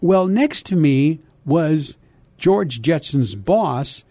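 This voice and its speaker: An older man, a voice actor, telling stories in an interview with lively energy. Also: fairly high pitch, drawn-out words, no echo. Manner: animated, slips into character voices. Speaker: voice actor guest. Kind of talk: storytelling interview.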